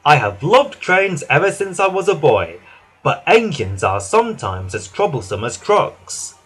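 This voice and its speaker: A man voicing a stern but kind railway boss in a children's storybook reading, firm and commanding with loud exclamations. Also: on the high side, big pitch swings, measured pace, husky, faint music behind, full character voice. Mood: proud.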